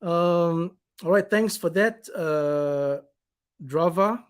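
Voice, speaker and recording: A man's voice: a little high, drawn-out words, clean tone. A man hosting his own live stream, reading out viewer comments in an irritated, blunt, rambling way and swearing now and then.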